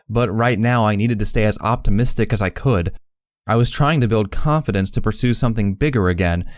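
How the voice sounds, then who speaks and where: A man narrating a fan fiction audiobook in the first person, measured and reflective. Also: lowish voice, no echo, studio quality.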